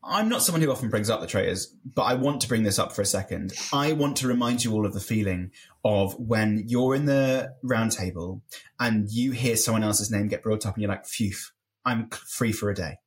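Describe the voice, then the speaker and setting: A man's voice: lowish voice, fairly quick. A man co-hosting a casual reality TV podcast, mixing playful wordplay with analysis. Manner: jokey, wordplay-loving, analytical. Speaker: podcast co-host. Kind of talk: casual chat reviewing reality TV.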